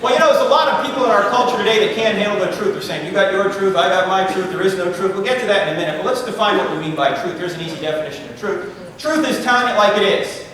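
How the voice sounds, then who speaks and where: A man's voice: sits high, expressive, a bit bright. Middle-aged man joking through a lecture in an echoey hall. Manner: joking, conversational, quick asides to the crowd. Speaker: guest speaker. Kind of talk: humorous lecture to a live audience. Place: large university lecture hall. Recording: echoey hall, voice picked up from far off.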